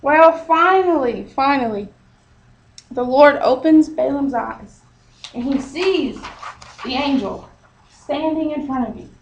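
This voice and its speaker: Woman, high voice, casual Bible storyteller, chatty, lots of fillers. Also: animated, slow pace, pauses often, rough recording. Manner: chatty, retells with "he's like" and fillers.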